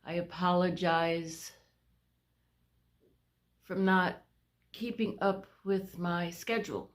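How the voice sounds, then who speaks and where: Woman vlogger, low and unhurried, breathless, halting delivery, phone mic. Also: fairly even intonation. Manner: halting, with pauses and restarts. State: short of breath. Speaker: vlogger sharing a health update. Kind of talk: casual talk to camera. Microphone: phone camera.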